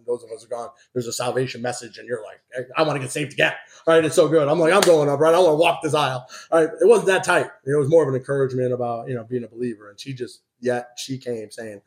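A man's voice: medium pitch, darkish tone. A man preaching a sermon. He reads scripture with emphasis, then tells a personal story in a loose, conversational way. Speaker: pastor.

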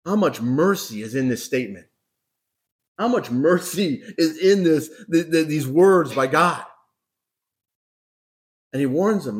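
A man's voice: fairly high pitch, expressive, slow, long pauses. Emphatic conversational preacher man. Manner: conversational preaching, frequent rhetorical questions and "right?"; emphatic repetition. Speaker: pastor. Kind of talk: sermon.

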